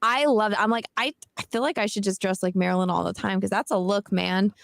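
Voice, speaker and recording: A woman's voice: medium pitch, steady tone, quick pace, gravelly, no room sound. Bubbly young woman, dry close sound. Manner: bubbly, chatty, lots of fillers. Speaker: guest, cosplay model. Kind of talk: casual live-stream chat.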